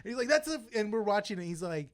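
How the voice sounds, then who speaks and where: A man with a high voice chats casually as a podcast co-host. He swings his pitch widely and laughs often as he acts out scenes he has watched. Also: sing-song, quick pace. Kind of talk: casual chat.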